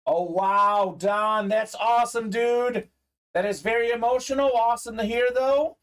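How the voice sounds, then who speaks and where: A man's voice: extremely high pitch, a little slow, fairly bright tone. A man hosting a live sports memorabilia break, chatting upbeat with viewers, reading their comments aloud and peppering his talk with "uh".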